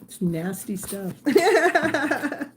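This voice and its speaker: A woman's voice: high voice, big pitch swings, extremely slow, noisy background. A woman in her sixties hosting a live tarot stream, chatting casually with viewers and laughing often. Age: 60s. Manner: chatty, laughs often, playful baby talk to her dog. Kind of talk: casual live-stream chat while reading viewer comments.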